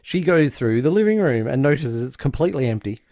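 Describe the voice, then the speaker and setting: A man's voice: mid-range voice, animated, fairly quick, dark tone, no room sound, clean studio sound. Man recapping an episode on a podcast. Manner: chatty recapping, acts out quotes. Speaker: podcast co-host.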